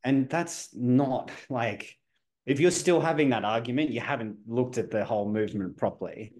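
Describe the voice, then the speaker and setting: A man's voice: medium pitch, normal speed, a little mellow. Blunt, assertive podcast host man. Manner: sometimes swears. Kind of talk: casual podcast conversation.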